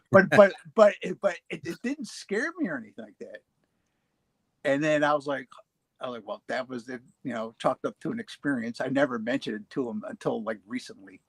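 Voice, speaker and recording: Man, 40s, casual storyteller, mid-pitched, dry close sound, halting delivery. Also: big pitch swings, fairly bright tone, husky, no echo. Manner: halting, many restarts and fillers, laughs easily. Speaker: paranormal show guest telling his experiences.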